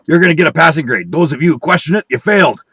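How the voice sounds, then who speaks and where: A man's voice: a little high, expressive, rapid-fire, fairly bright tone, husky, dry recording. A man delivering a profane, combative rant at his viewers, scornful and preaching, with a dry close recording. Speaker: online video speaker. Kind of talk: angry conspiracy rant.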